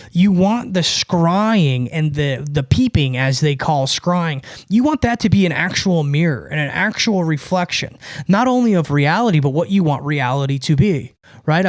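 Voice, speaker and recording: A man hosting a podcast in a rambling, animated monologue, swearing now and then and asking "right?" over and over. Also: a little high, no echo, studio quality. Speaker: podcast host. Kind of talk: casual monologue.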